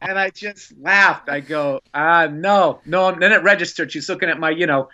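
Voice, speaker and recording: A man with a bright, forceful voice and a somewhat high pitch tells a story with lots of energy, acting out the lines of the people in it. He talks casually as a podcast guest, and the audio sounds a bit dull and lo-fi. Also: a little fast. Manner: animated, excitable storyteller who acts out quotes. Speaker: guest comedian.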